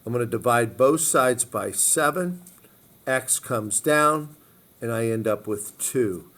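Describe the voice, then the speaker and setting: A man's voice: medium pitch, lively intonation, normal speed, a bit bright. Man walking through math steps. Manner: step-by-step, repeats phrases, frequent "okay?" check-ins. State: hiccups. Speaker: math teacher. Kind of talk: recorded math lesson walkthrough.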